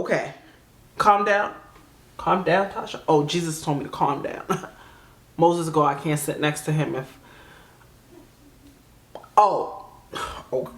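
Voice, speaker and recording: A woman in her thirties hosting a reaction video, chatting in a sassy, animated way and laughing often as she tells her own story. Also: fairly low pitch. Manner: laughing often, sassy, calls listeners "baby".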